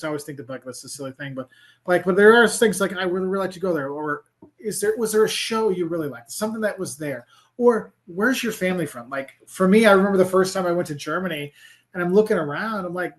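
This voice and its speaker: A man's voice: high-pitched, quick pace. A middle-aged man, a travel creator, chatting casually in an interview, rambling with lots of "like" and restarts. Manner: rambling, animated, full of "like" and restarts. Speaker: travel creator and professor, guest.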